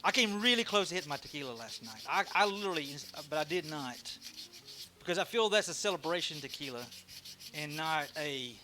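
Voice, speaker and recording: High, bright-voiced Texan man. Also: animated, fairly quick, faint music behind. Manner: joking, rambling, self-deprecating. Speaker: live-streaming woodworker. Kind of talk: casual live stream chat.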